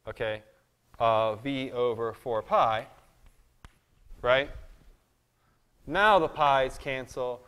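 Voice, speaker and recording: A man's voice: medium pitch, drawn-out words, long pauses, fairly bright tone, smooth. A man giving a live math lecture, chatty and self-deprecating, thinking aloud as he works at the board. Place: lecture hall. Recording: long reverb of a lecture hall.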